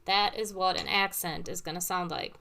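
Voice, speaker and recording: A woman's voice: lowish voice, normal speed, vocal fry. A woman teaching piano, patiently explaining with everyday comparisons between played examples. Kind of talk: casual teaching talk with demonstrations. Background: piano played between phrases.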